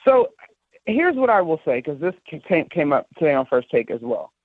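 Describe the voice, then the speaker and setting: A woman basketball broadcaster calling in as a guest, telling stories with lively enthusiasm. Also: low voice, moderate pace, no room sound. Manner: animated, enthusiastic storyteller. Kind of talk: casual sports talk on a call. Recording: tinny phone line.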